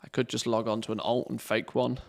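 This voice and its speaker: A man streaming a game, chatting casually and thinking aloud in a relaxed, rambling way. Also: medium pitch, fairly quick, vocal fry. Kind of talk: casual live-stream commentary.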